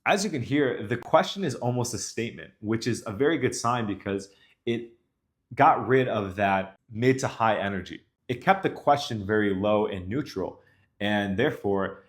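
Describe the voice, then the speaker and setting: A man speaking casually to camera as a dating coach, explaining calmly and directly. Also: mid-range voice. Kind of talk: instructional talk to camera.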